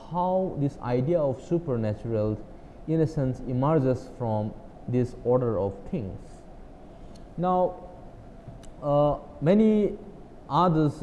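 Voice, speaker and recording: A man giving a university lecture, halting and hesitant, with frequent fillers and restarts, leaning hard on each "now" to open a new point. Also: medium pitch, dark tone. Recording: dull lecture recording with reverb and faint hiss.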